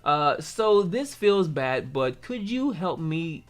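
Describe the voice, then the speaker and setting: A man reading aloud a scammer's begging message, putting on a slow, overly polite pleading voice. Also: fairly high pitch, big pitch swings. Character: pleading young male scammer begging for money.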